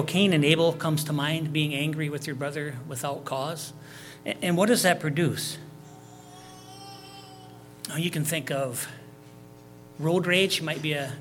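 A man's voice: fairly high pitch, measured pace, pauses often, fairly bright tone, soft background music. A man preaching a sermon, reading scripture verses aloud and explaining them in plain, conversational terms, with repeats and fillers. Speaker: pastor.

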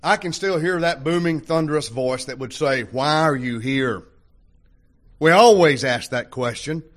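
An older male preacher speaks in a slightly high register. His sermon is folksy and conversational, leaning on plain sayings and questions put to the congregation. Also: normal speed. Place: church hall before a congregation.

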